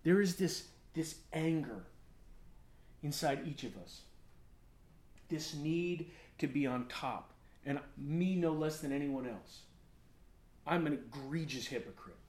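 Animated high-voiced male preacher. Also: takes it slowly, pauses often. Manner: animated storytelling, acts out his own rants. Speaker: pastor. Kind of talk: sermon.

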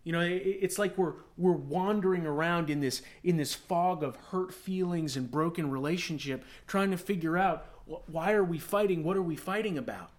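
A man in his thirties preaching a sermon as pastor, telling stories with animated, acted-out outbursts. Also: a little high, moderate pace, few pauses. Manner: animated storytelling, acts out his own rants.

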